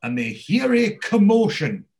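A man's voice: high voice, big pitch swings, measured pace, darkish tone, rough recording. A man casually retelling a TV episode, rambling with many ums and acting out the characters' lines.

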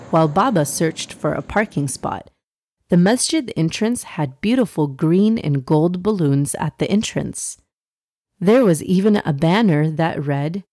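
A woman's voice: fairly low pitch, no echo. A woman hosting and narrating a children's story podcast, upbeat and talking straight to young listeners. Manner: warm, upbeat, addresses kids directly.

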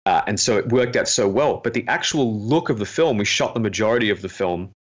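A man's voice: on the low side, expressive, brisk. A man, a film director, chatting earnestly in an interview and telling stories with self-deprecating humor. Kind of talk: casual interview chat.

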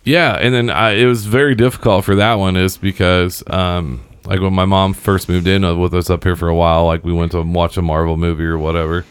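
Deep-voiced rambling man in his thirties. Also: little pitch movement, fairly quick, few pauses, smooth, dry recording. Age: 30s. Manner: rambling and profane, with many fillers. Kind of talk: casual chat.

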